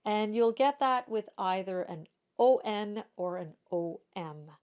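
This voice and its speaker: Female voice teacher, mid pitch, unhurried and precise, modeling vowel sounds for students. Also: lively intonation, a little mellow, clean tone. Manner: careful, demonstrates each sound slowly. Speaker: singing teacher. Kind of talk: pronunciation lesson.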